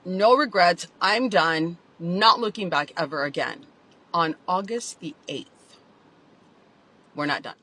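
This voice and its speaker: Bright, lively woman telling a painful story. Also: fairly low pitch, slow pace, pauses often, poor audio. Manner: emotional, confessional, fillers of "like". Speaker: vlogger telling her own story. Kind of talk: candid storytime vlog.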